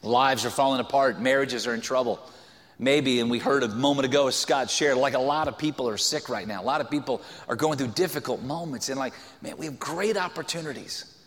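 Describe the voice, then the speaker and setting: A man's voice: medium pitch, fairly quick, fairly bright tone, big-room sound. A male pastor preaching a sermon in a loose, conversational way, joking and using many filler words. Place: church sanctuary.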